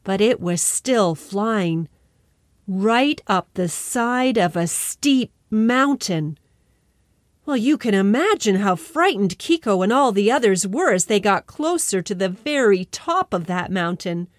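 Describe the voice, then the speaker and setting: A woman telling a children's story, expressive and lingering on repeated phrases as she narrates. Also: mid-range voice, a little slow, no echo, studio quality. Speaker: storyteller and podcast host.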